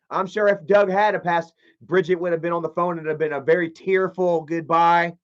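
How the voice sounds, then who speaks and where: A man talking on a casual livestream in a profane, animated, mocking way. His voice sits a little high for a man. The audio is muffled and lo-fi. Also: fairly quick. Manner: profane, animated, mocking, reads chat aloud. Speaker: live streamer.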